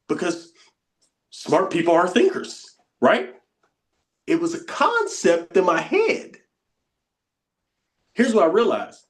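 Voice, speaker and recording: A man's voice: high voice, very animated, measured pace, long pauses. A man teaching a spoken lesson in an informal, conversational way, often repeating phrases and acting out inner voices under his breath. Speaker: coach teaching a bootcamp session.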